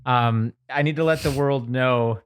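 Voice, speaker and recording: A man hosting a podcast in casual chat, rambling and halting with plenty of fillers. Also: mid-range voice, clean tone, no echo, clean studio sound. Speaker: podcast host.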